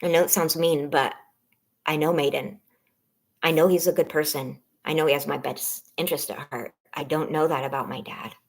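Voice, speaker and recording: Shaky, halting woman, low-pitched and close to tears. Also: fairly even intonation. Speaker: vlogger on a members-only live stream. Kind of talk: emotional personal live stream.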